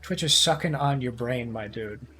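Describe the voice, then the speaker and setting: A man's voice: medium pitch, bright, forceful tone, breathy edge. A young man streaming live, chatting casually in a rambling, crude way with heavy swearing.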